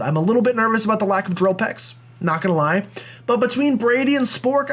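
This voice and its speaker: A young man hosting a video game playthrough, chatting in a rambling, self-deprecating way as he plays. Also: high-pitched. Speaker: let's play host. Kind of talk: game commentary.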